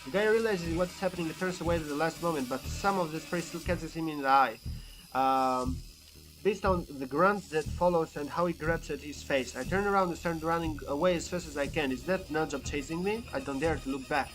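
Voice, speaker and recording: A man's voice: a little high, a little fast, over music. A man reading a text game aloud as a YouTube gamer, with occasional stumbles and self-corrections.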